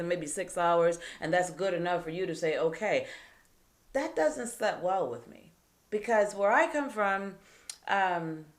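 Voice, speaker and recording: A woman hosting a live advice show, talking emphatically and asking rhetorical questions. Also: on the low side. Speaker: host.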